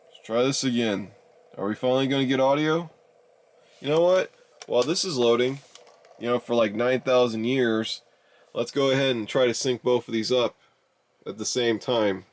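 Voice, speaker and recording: A young man in his twenties giving casual, rambling video commentary, exasperated and addressing his viewers as ladies and gentlemen. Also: mid-range voice, moderate pace, pauses often. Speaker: YouTuber reviewing a DVD player.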